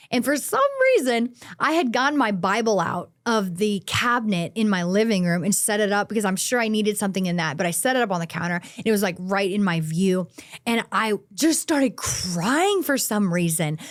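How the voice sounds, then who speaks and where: A woman's voice: medium pitch, normal speed, dry recording, clean studio sound. A young woman from California, a guest on a podcast, telling a personal story in an earnest, confessional way with lots of "like" fillers. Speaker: interview guest. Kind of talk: candid personal testimony.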